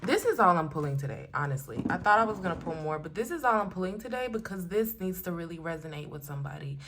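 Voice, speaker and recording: A young adult woman speaks straight to her viewers in a casual spiritual card reading. She talks in an earnest, affirming way, and she grows animated and emotional as she goes. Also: lowish voice, fast, noisy background. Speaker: oracle card reader.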